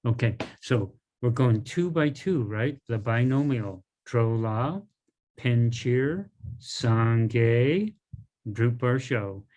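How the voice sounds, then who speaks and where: A middle-aged man with a mid-range voice teaches a language class in a relaxed, informal way. He goes over words slowly, frequently checking in with "right?" and "okay."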